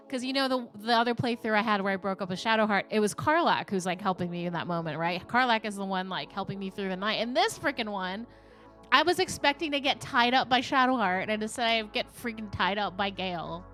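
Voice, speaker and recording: Animated, rambling young woman streamer. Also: on the high side, normal speed, soft background music. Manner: rambling, animated, laughs often. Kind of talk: casual chat with live viewers.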